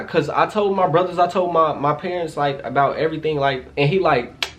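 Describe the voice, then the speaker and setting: A man, telling viewers an animated, profane storytime vlog and calling them "y'all". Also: a little high, quick pace, few pauses. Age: 20s. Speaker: vlogger.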